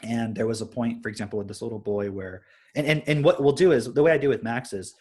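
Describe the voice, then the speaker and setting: A man's voice: medium pitch, fast, dark tone, husky. A young adult man on a live stream, casually explaining his parenting approach through stories and often checking in with "right?".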